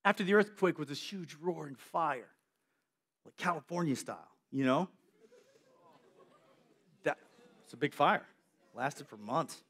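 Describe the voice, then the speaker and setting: A man with a high voice delivers a youth sermon. He is animated and slips in and out of playing the characters in his story. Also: a little slow, pauses often, slightly rough.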